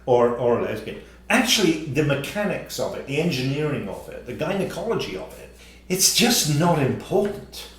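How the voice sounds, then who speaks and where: A man's voice: on the high side, big pitch swings, normal speed. Older man chatting in an echoey room. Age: 60s. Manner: jokey, laughs easily, storytelling. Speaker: podcast co-host. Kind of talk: casual chat.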